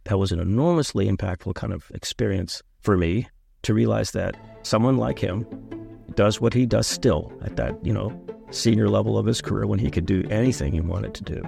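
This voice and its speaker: Gravelly low-voiced man, reflective guest. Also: music in the background. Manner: thoughtful, storytelling, measured. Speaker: urologist guest. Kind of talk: conversational interview.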